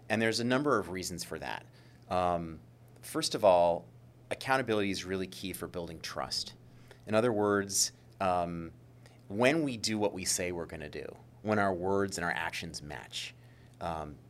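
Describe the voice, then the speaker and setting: Low-voiced man explaining with many fillers. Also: fairly bright tone. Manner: thoughtful, hedging with many fillers and restarts. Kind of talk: casual explanatory discussion.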